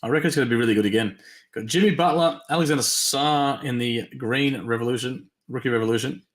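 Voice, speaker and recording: A man hosting a live-stream trading card break, tired and yawning, chatty as he reads teams and cards in quick lists. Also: mid-range voice, reverberant. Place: at a desk during a live stream.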